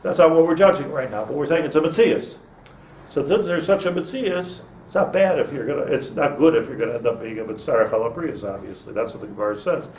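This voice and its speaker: Gravelly rabbi in an echoey classroom. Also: male voice, medium pitch, lively intonation, fast, darkish tone, a little hiss or hum. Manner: chatty, restarts phrases, mixes in Hebrew terms. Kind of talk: informal Torah lecture. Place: classroom with students. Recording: roomy echo, mic at a distance.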